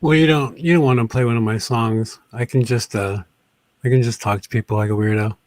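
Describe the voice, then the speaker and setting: A man's voice: medium pitch, brisk, no room sound. A man joining a casual panel chat as a guest, playful and jokey.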